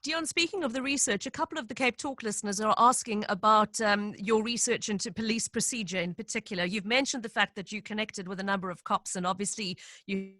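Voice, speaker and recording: Bright, sharp-voiced woman radio host. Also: medium pitch, brisk, few pauses, no room sound. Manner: reads out listener questions clearly. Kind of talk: live radio interview.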